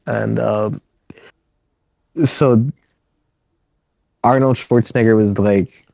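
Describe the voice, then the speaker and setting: A man's voice: fairly low pitch, steady tone, normal speed, darkish tone, no room sound. Man casually rambling through stories. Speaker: podcast guest telling stories. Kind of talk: casual storytelling interview.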